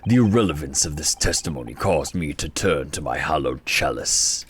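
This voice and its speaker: A man voicing an aloof aristocratic prosecutor for a game, slow and haughty in his formal speech. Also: extremely low pitch, lively intonation, breathy edge, voice pushed down, exaggerated voice. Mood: disdainful.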